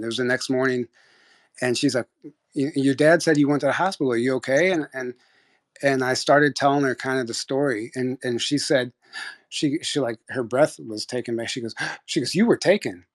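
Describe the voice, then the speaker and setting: Young guy telling his story on a voice chat, rambly, lots of restarts. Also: medium pitch. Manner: rambling, with many restarts and quoted dialogue. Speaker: guest telling a personal story. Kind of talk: casual storytelling on a live audio chat.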